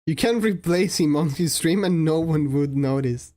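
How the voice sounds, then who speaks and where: Her voice is deep with a dark tone, and she keeps a moderate pace while chatting casually on her live stream. She answers viewers with a giggly laugh that comes often, and her phrasing sounds non-native.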